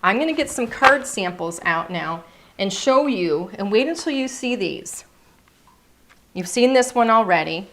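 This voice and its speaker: A woman's voice: medium pitch, lively intonation, measured pace, a bit bright. Gushing woman showing craft products. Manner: gushing, chatty, searching for words. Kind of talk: casual product showcase.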